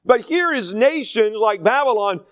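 A man's voice: sits high, animated, moderate pace, a bit bright, no echo. A man from North Carolina, teaching a Bible study in a conversational, digressive style full of stories. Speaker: pastor.

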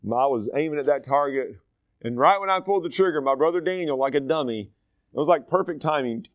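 A pastor from North Carolina teaches scripture and drifts into folksy stories. His voice sits a bit high for a man. The recording is dry, with no room sound. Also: expressive, a little fast, no room sound, lo-fi sound. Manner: conversational, digressive storytelling. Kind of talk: sermon, Bible study teaching.

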